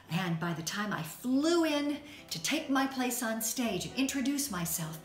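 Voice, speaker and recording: A woman from North Carolina, an actress telling an expressive backstage story as a fundraising appeal. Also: a little high, measured pace. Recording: echoey room, faint music.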